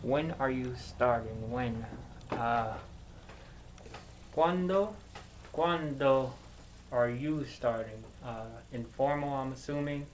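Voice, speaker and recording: Slow, hesitant male language learner. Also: mid-range voice, a little hiss or hum, rough recording. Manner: hesitant, searching, many filler sounds. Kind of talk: thinking aloud while practicing.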